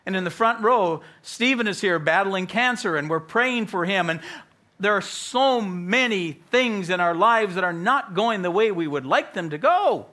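An American pastor preaches with animated storytelling, acting out the voices of the people in the story. His voice sits a bit high and swings widely in pitch, with a bright, forceful edge. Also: normal speed. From United States. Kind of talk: sermon.

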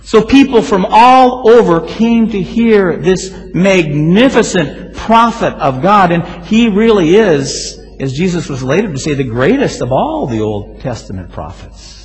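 A male pastor preaching a sermon, telling stories with lively swings and sudden loud exclamations. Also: high-pitched, a little slow, few pauses. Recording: hall reverb.

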